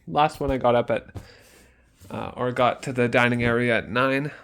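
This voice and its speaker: A man's voice: mid-range voice, steady tone, moderate pace, fairly bright tone, smooth. A young man, a student care worker, chatting casually in a vlog diary, rambling and acting out sounds.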